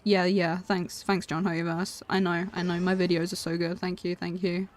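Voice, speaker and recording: Speaking on the lower side in a level tone, a young woman chats with her viewers during a game stream. The talk is casual and playful, peppered with quick laughs.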